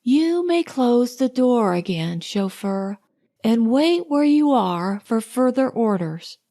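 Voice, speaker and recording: A woman voicing a proud, sharp-tongued young society woman in an audiobook, speaking slowly and with pointed distinctness. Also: on the high side, expressive. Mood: cool, chiding. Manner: crisp and pointed, slow distinct delivery.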